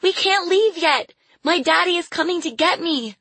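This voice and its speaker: A woman voicing a frightened little girl locked in a cage, calling out high and pleading. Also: moderate pace, bright, forceful tone, no echo. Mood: desperate. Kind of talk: audiobook character voice.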